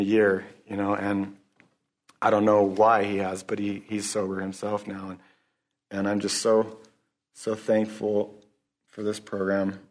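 Low, flat-voiced man giving testimony. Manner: halting, earnest, restarts often; religious, closes in prayer. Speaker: speaker sharing at a recovery meeting. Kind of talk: personal testimony.

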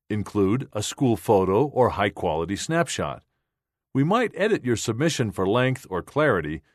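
A man reading a children's magazine aloud in a clear, deliberate scripted style. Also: mid-range voice, no echo, studio quality. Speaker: magazine reader.

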